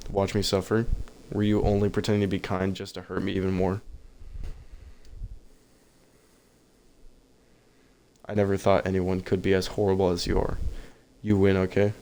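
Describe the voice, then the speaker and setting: A man reading aloud the lines of a desperate, lovesick teenage girl from a game, in a plain, flat voice. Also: low voice, slight background noise. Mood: anguished, accusing.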